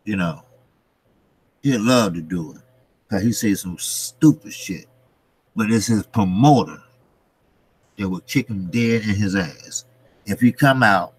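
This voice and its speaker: A man with a lowish, breathy-edged voice hosts a boxing commentary channel. He speaks unhurriedly with long pauses, ranting in a blunt, casual way, swearing and repeating rhetorical questions.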